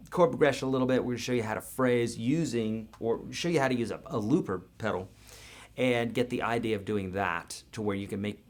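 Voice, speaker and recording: Casual low-voiced male guitar teacher. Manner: casual, encouraging, talks in everyday comparisons. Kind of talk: live online lesson.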